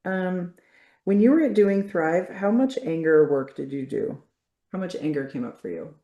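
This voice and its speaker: A woman coach leading a group session over a video call, blunt and energetic, swearing casually. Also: on the low side, a little slow, echoey room, dull audio.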